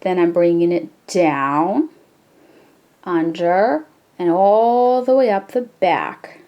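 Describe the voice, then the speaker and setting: A woman hosting a jewelry-making tutorial, explaining each step in a relaxed, chatty way with frequent fillers. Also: fairly low pitch, slow, highs cut off. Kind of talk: casual step-by-step craft tutorial.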